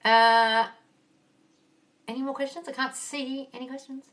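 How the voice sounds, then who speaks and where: Unhurried and flat, her high voice has a fairly bright tone as she answers viewer questions live on her phone. She is a manifesting coach in a Q&A chat who swears freely and calls her viewers darling, recorded a little way from the microphone.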